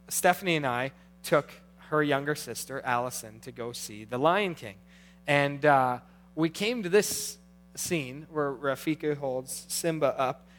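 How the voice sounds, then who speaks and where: With a fairly high pitch, a middle-aged man delivers a sermon as pastor. He alternates between soft, intimate passages and lively, rising ones.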